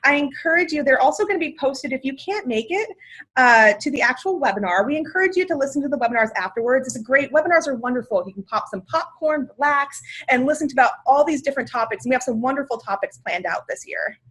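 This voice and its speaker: A woman's voice: sits high, lively intonation, fast, fairly bright tone, slightly rough. A woman giving a webinar on financial aid, talking in an upbeat, enthusiastic and chatty way with filler words. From Washington state, USA. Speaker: financial aid outreach presenter. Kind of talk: webinar presentation.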